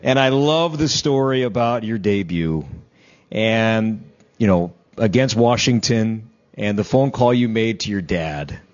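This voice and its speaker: A man hosting a broadcast interview, asking friendly, steady questions that lead his guest into stories. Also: fairly low pitch, unhurried. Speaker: interview host. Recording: slightly dull, muffled audio.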